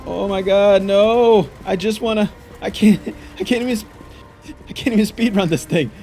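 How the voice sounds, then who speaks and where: A man giving frantic live gameplay commentary, exclaiming and frustrated, later calmly narrating. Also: high voice, brisk, soft background music. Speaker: gaming YouTuber.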